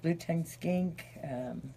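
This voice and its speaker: A woman who shows traveling animals, answering questions in a casual radio studio interview in a relaxed, matter-of-fact way. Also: low-pitched, slow pace, a little hiss or hum.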